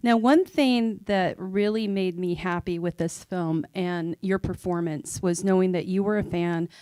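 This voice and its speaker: A woman's voice: fairly low pitch, unhurried, warm tone, clean tone, no echo. A woman hosting a live Q&A, asking the guest eager, fan-like questions. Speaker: host and interviewer.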